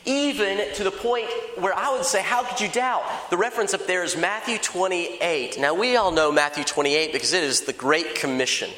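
A man preaching a sermon in a conversational, lively way, acting out little dialogues. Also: sits high, normal speed, hardly any pauses. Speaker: pastor. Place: large church hall. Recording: echoey church hall.

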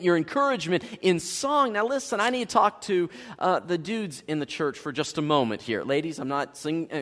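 A lively male pastor preaching with a high, swinging voice that rises and falls dramatically. He slips into quick acted voices to play his listeners. The sound carries a long hall reverb. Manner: animated preaching, acts out quoted voices. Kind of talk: sermon. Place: church sanctuary.

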